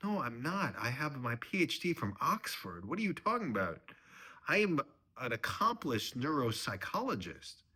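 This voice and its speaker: A man's voice: mid-range voice, fairly even intonation, measured pace, pushed and bright, voice pushed up. A man voicing an earnest son-in-law who stammers apologies in a comic dramatic reading. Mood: pleading.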